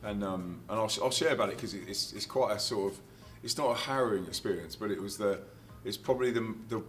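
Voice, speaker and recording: A touring Christian musician, speaking as an interview guest, tells casual stories from the road at a quick pace. His voice is on the low side, he laughs easily and acts out quotes at full volume, with faint music behind him.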